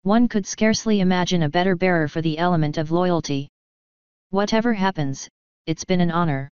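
A woman's voice: fairly low pitch, brisk, darkish tone, clean tone, no room sound, lightly acted. Woman reading as a regal, solemn pony princess. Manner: formal, dignified. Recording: dull lo-fi dry recording.

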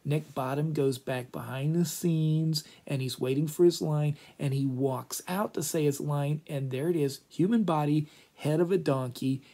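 A man acting as a teacher, retelling a play in a lively, chatty way and often checking in with his listeners. His voice is gravelly and husky. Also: fairly high pitch, normal speed, few pauses. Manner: animated, chatty, many asides.

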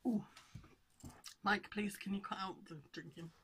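A woman's voice: medium pitch, steady tone, a little slow, very noisy. A woman chatting casually to camera in a home stitching vlog, rambling and breaking off her sentences. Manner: chatty, rambling, self-interrupting. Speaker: cross-stitch vlogger.

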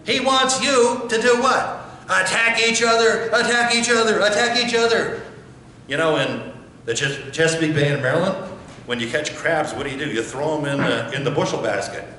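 Bright-voiced preacher in an echoing church. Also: male voice, medium pitch, slight background noise. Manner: emphatic, rhetorical questions, repeated phrases. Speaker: pastor. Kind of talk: sermon. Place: church sanctuary. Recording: very echoey church.

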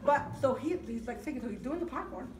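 A woman chef giving a product demonstration, telling stories to a live audience in an animated way, laughing through her lines and often checking in with "okay?". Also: sits high, fast. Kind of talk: lively storytelling to a live audience. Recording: echoey room, distant mic, loud crowd and noise.

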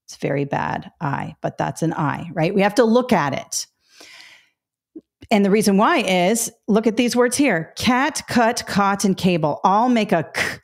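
A middle-aged woman teaching a test-prep webinar, explaining step by step, correcting herself and talking straight to viewers. Her throat is a little dry. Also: lowish voice. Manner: explanatory, self-correcting, addresses viewers directly. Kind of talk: webinar lesson.

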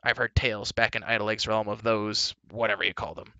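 A man doing a gruff blunt dwarf. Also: lowish voice, flat delivery, brisk, pushed and bright, no echo.

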